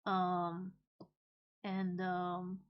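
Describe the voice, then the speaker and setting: A woman casually reading and translating a comic aloud, halting and hesitant with many pauses and fillers. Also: lowish voice, monotone, lo-fi sound. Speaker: manga reader and translator.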